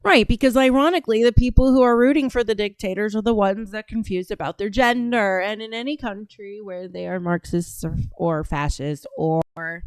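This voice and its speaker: A woman's voice: mid-range voice, normal speed, few pauses, clear, resonant tone, dry recording, clean studio sound. A woman hosting a casual livestream, reading out chat and talking in a brash, profane, drawling way.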